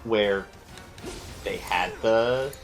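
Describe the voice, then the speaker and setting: A man's voice: fairly low pitch, very slow, music in the background. A man hosting a gameplay video, chatting casually and explaining the game's mechanics as he thinks aloud. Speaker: let's play host.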